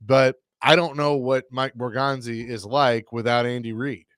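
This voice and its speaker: A man's voice: medium pitch, steady tone, moderate pace, fairly bright tone, clean tone, no room sound. Radio sports guy ranting his take, restarts a lot, pretty dry sound. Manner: opinionated, rambling with restarts. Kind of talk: casual sports talk.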